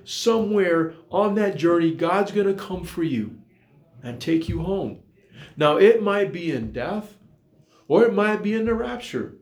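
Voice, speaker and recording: Gravelly, earnest preacher man in an echoey room. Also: high-pitched, a little mellow. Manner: earnest, repetitive preaching with rhetorical questions. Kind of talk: sermon.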